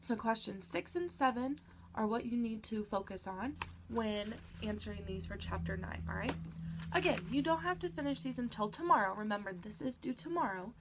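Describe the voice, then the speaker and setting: A woman teacher with a stuffy nose patiently leads children through a reading lesson, checking in often with "all right." Her fairly high, expressive voice moves at a normal speed and stays encouraging throughout, with slight background noise.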